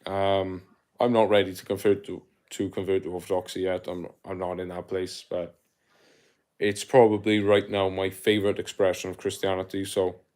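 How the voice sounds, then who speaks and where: A man's voice: low-pitched, moderate pace. A young man from South Wales with a South Welsh accent, chatting casually on a live stream, reading out viewer comments and answering them with slang. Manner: relaxed, chatty, uses slang like mate and my guy. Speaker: livestreamer.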